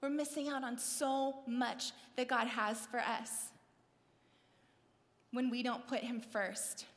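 High-voiced woman preaching in a reverberant hall. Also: slow. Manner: animated, acts out scenes in voices; conversational, asks the audience questions. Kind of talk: sermon.

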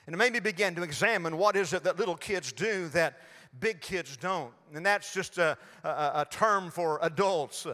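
A man's voice: high voice, normal speed, sharp tone, big-room sound. An older man preaching a sermon in a folksy storytelling way, acting out little voices as he goes. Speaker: pastor.

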